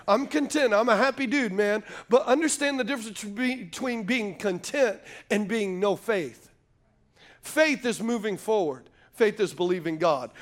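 High voiced guy pastor preaching, jokey asides, keeps asking the crowd to answer back. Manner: call-and-response preaching, asks the crowd to answer; jokey asides between points. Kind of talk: sermon. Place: church sanctuary before a live congregation.

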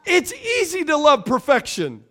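Man preaching, very high voice, call-and-response, playful asides, repeats lines for emphasis. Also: wildly swooping pitch, measured pace, sharp tone. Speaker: pastor. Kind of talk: sermon.

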